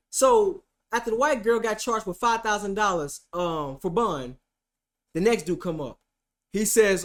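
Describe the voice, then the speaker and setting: A male streamer recounts a funny, profane story about his day in court, high-pitched and at a moderate pace. He's animated throughout, lurching from loud outbursts to quiet asides.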